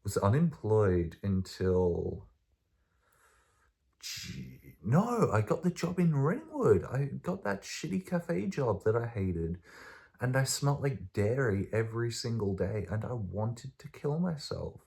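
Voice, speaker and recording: Slow-talking young man, rambling and sweary. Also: medium pitch, very animated, creaky. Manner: swearing, rambling, swinging from hushed to loud. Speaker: vlogger. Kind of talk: casual rambling to camera.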